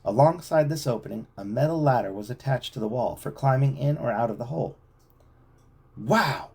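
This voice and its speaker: A man reading a novel aloud to a child at home, with expressive storytelling. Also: mid-range voice, quick pace, creaky, slightly rough.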